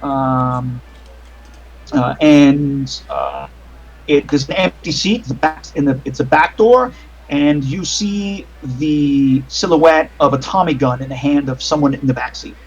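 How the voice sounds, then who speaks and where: A man narrates a tabletop game over a voice call, with a slightly high voice. He hesitates often and restarts his sentences. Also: lively intonation, measured pace, slightly rough, lo-fi sound. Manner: rambling, with many fillers and restarts. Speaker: game master.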